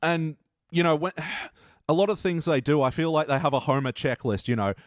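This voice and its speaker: A man's voice: fairly high pitch, normal speed, dry recording. Wry man hosting a podcast. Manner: wry, dry sarcasm, runs the questionnaire. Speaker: podcast host. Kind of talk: casual podcast chat.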